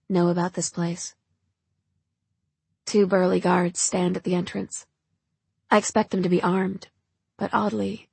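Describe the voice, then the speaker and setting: A woman narrating a first-person audiobook in a measured, somber manner. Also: on the low side, creaky, darkish tone, slightly rough, no room sound.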